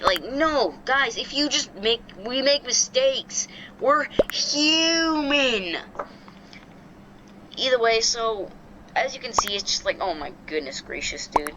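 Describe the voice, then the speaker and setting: A woman's voice: on the high side, lively intonation, takes it slowly, muffled recording, noisy background. Chatty rambling woman telling a story. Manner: chatty, rambling, many restarts. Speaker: vlogger. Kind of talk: storytime vlog.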